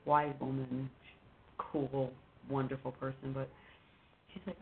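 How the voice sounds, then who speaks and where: Low gravelly woman on a phone line. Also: little pitch movement. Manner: halting, rambling, with many fillers and restarts. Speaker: guest. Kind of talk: casual personal conversation. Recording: phone-like line with faint noise.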